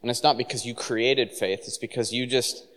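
A man's voice: medium pitch, steady tone, moderate pace, fairly bright tone. A man preaching a sermon, telling a personal story with laughs and acted-out quotes. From San Francisco. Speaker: pastor. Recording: long reverb of a large hall.

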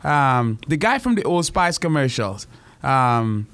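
A man's voice: mid-range voice, big pitch swings, slow, a bit bright, clean tone, dry recording. A man co-hosting a casual soccer podcast, joking and meandering as he talks. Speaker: podcast co-host. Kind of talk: casual chat.

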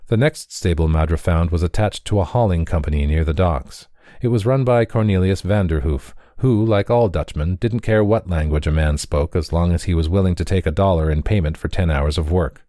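Deep-voiced man reading a story. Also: normal speed, dark tone, no room sound, studio quality. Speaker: audiobook reader. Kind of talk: scripted story narration.

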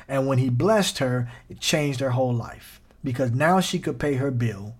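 A man hosting a sermon podcast, preaching in an animated, folksy way and talking straight to his listeners. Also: medium pitch, normal speed, few pauses, slightly rough.

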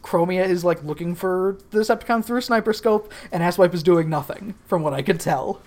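A woman with a slightly low voice co-hosts a casual podcast. She recaps the plot dryly, with plenty of swearing. Her delivery is relaxed and conversational. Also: fairly quick. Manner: dry, profane storytelling. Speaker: podcast co-host.

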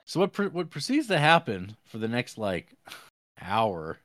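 A man co-hosting a podcast, retelling a movie's plot in a rambling, halting, casual way with crude jokes. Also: medium pitch, wildly swooping pitch, fairly bright tone, no room sound, studio quality. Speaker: podcast co-host. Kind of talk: casual movie review chat.

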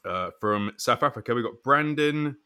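Man, podcast host, bright tone, casual sweary banter. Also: medium pitch, lively intonation, normal speed, clean tone. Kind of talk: casual chat.

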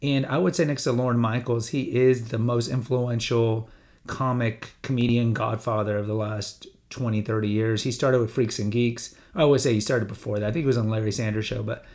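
A man's voice: mid-range voice, steady tone, fairly quick, darkish tone. A middle-aged man hosting a solo podcast, talking in a conversational, rambling way with frequent restarts. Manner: briefly mimics his father's voice and accent. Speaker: podcast host.

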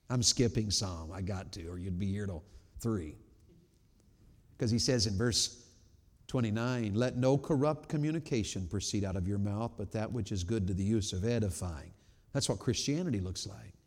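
A man preaching a sermon in a church, swinging between loud emphatic peaks and low quiet asides. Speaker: pastor. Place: church sanctuary. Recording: long reverb of a large church hall.

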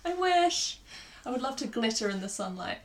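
A woman from England co-hosting a podcast, telling stories in a lively way and laughing often. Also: fairly high pitch, normal speed, slight background noise. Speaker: podcast co-host. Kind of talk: casual chat.

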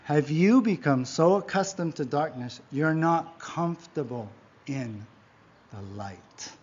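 A man's voice: lively intonation, takes it slowly, breathy edge. Emphatic preaching man, dull lo-fi sound. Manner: emphatic preaching, frequent rhetorical "right?" and "yeah?"; swings between loud exhortation and quiet low asides. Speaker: pastor. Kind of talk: sermon. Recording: dull lo-fi recording.

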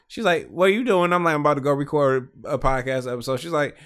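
A man's voice: on the high side, quick pace. A young man co-hosting a podcast, chatting casually with frequent swearing and laughter. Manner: lively, profane, laughs while talking. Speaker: podcast co-host. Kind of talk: casual chat.

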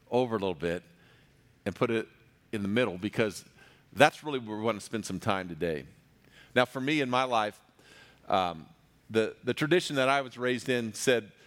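A man's voice: mid-range voice, fairly bright tone. Man preaching in a chatty, joking way. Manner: conversational, joking, many restarts. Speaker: pastor. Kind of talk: sermon.

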